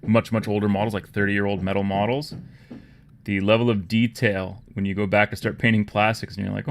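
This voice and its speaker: A man from Canada with a Toronto accent, hosting a casual livestream, rambling and low-key and often trailing off into quiet murmurs. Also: level tone, fairly quick. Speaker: livestream host. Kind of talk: casual livestream chat while painting miniatures.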